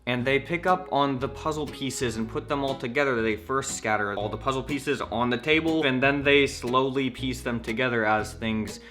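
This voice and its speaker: A man's voice: medium pitch, moderate pace, few pauses, fairly bright tone, soft background music. Chatty young American man vlogging. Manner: chatty, rambling, self-deprecating. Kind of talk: casual vlog talk.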